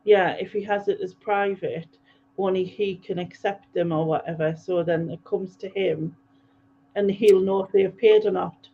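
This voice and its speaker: A woman's voice: mid-range voice, steady tone, normal speed, phone-quality sound, a little hiss or hum. A woman hosting a livestream, chatting loosely and laughing easily. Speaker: livestream host. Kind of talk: casual livestream chat.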